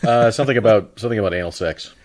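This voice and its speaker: A man with a deep, low voice co-hosting a relaxed podcast. He repeats words as he gets going, says what he thinks bluntly and keeps a good-humored tone. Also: racing. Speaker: podcast co-host. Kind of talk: casual podcast chat.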